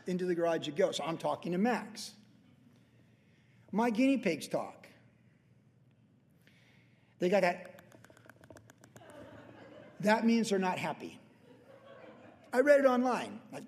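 Male pastor, fairly high voice, playful anecdotal preaching, church hall reverb. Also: expressive, moderate pace, pauses often. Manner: jokey storytelling with animal voices. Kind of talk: verse-by-verse sermon.

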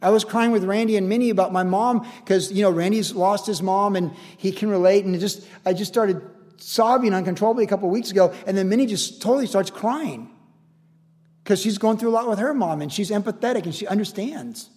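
High-voiced guy preaching a sermon, animated and chatty, echo trailing off like a big hall. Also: a little fast. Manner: animated, acts out quoted voices, laughs often. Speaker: pastor.

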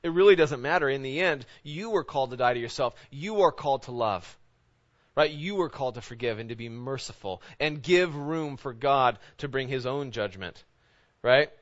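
A man preaching a sermon as a pastor. He keeps asking rhetorical questions with a repeated "right?" and swings between loud emphasis and quiet, low intensity. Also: animated, moderate pace. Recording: dull lo-fi sound.

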